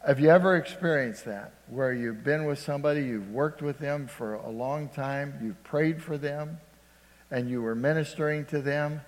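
A pastor with a fairly high voice preaches a sermon at normal speed, calling out "Amen?" to the congregation. He swings between loud emphasis and hushed storytelling, and a long hall reverb colors the recording.

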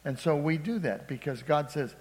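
A man preaching a sermon as pastor, calling out "Amen?" to the congregation and swinging between loud emphasis and hushed storytelling. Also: a little high, normal speed. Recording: long hall reverb.

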